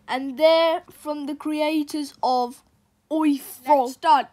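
A woman reading a rhyming bedtime story aloud in a playful, expressive way. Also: high voice, slow pace. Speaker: children's storyteller.

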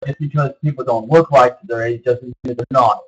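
Vlogger, male, early 30s, husky voice, meandering delivery, dull lo-fi recording. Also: medium pitch, fairly even intonation, normal speed, a bit bright. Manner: meandering, repeats himself, many fillers. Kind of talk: rambling casual monologue.

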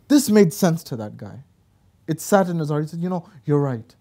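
Male guest speaker, high-pitched, animated storytelling preacher. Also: normal speed. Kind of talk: religious talk show discussion.

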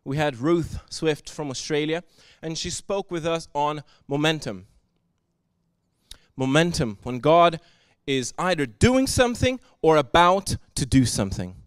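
Guy preaching, high voice, dry close sound, gets loud and emphatic. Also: expressive, a little slow, clean tone, dry recording. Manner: earnest, swings from soft to loud and emphatic. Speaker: pastor. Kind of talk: sermon. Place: church service.

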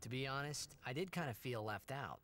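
A man's voice: medium pitch, lively intonation, a little fast, a crowd in the background, lightly acted. A man voicing a young male game hero, confiding in a candid, sheepish way. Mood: wistful. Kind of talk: video game cutscene acting.

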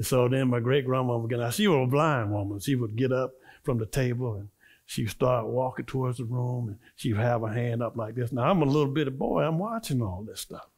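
A man's voice: medium pitch, fairly quick, a little mellow, breathy edge. A middle-aged man, a minister, preaching a storytelling sermon and acting out the voices of people in his stories.

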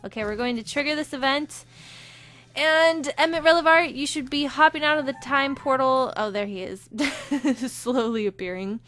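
A bubbly woman with a fairly high voice, narrating a life-sim game as she plays. She giggles often and reads the on-screen quest text aloud in a casual, chatty way. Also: normal speed, fairly bright tone, dry recording. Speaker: let's play host. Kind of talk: casual gameplay commentary.

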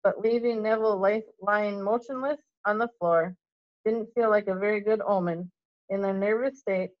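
A woman teacher reading a novel aloud to children in a steady, expressive storytelling voice, on a dull lo-fi recording. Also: mid-range voice, no echo.

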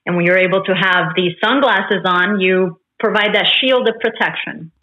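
Bright-voiced woman from Honduras. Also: mid-range voice, normal speed, highs cut off. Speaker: podcast guest. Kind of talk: casual interview chat.

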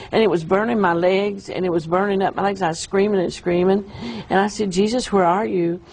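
A woman telling an emotional, halting account of a vision in an interview. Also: medium pitch, vocal fry, a little mellow, a little hiss or hum, poor audio. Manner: emotional, halting storytelling with restarts. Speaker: guest describing a vision. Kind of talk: earnest testimony in an interview.

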